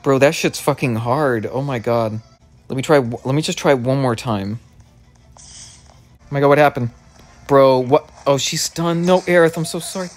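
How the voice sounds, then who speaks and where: Excitable stammering man playing a game. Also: mid-range voice. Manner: excitable, stammering, swears often. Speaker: gaming video creator. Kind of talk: let's play commentary.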